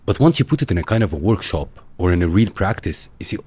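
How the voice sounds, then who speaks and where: A man's voice: low voice, very animated, quick pace, darkish tone, slightly rough, no room sound. A man hosting a podcast, asking questions and reacting with short remarks of agreement and surprise. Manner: short agreeing interjections, exclaims. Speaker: podcast host. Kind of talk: podcast interview.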